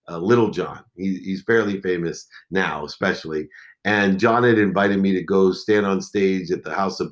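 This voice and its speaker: Low-voiced man telling an intense story. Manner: intense, swings between quiet and loud. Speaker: podcast guest. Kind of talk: emotional storytelling.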